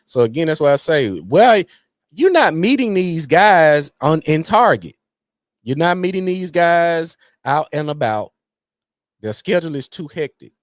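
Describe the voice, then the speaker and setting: A man in casual podcast chat, animated and emphatic, repeating his points for effect. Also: fairly high pitch, a little slow, no room sound, clean studio sound. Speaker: podcast co-host.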